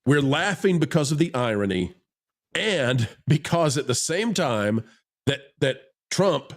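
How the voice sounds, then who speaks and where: A man hosting a live stream in casual chat, animated and laughing, talking straight to his viewers. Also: mid-range voice, measured pace. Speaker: show host.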